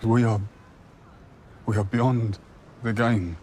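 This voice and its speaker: An actor playing a serious, earnest young man who speaks quietly and firmly in a TV drama scene. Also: lowish voice, fairly even intonation, slow, a little hiss or hum. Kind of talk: TV drama acting.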